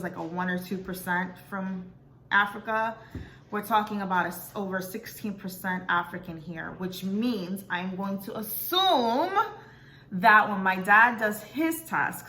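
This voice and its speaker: A young woman vlogger talks in a bright, chatty voice, stopping on ums and doubting her pronunciations. She reads aloud casually to her viewers, with faint noise behind her. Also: medium pitch. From South Florida. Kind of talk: casual vlog, reading results aloud.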